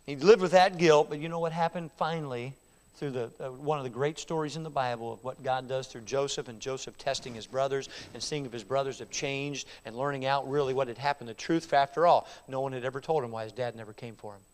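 A man preaching a sermon, retelling a scripture story with dramatic swings between loud, raised delivery and hushed, quiet lines. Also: medium pitch, a little fast. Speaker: pastor. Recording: reverberant hall.

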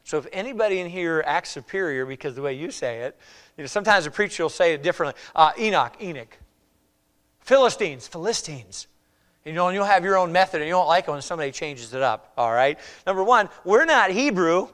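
A man preaching a sermon as a pastor, conversational, often checking in with "all right?" and moving between loud emphasis and quiet asides. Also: sits high. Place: church.

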